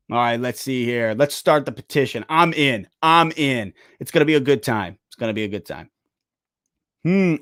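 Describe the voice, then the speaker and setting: A young man hosting a live sports stream, chatting casually and excitably while answering viewer questions. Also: mid-range voice, no echo, studio quality. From United States. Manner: casual, excitable, talks to chat directly. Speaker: sports channel host.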